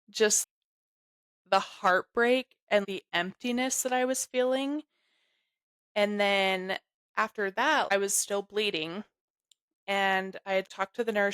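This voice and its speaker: A young adult woman telling a personal story in an interview, halting and emotional, full of "like". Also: medium pitch, fairly bright tone, clear, resonant tone, no echo. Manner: halting, emotional, heavy use of "like". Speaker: guest sharing her story.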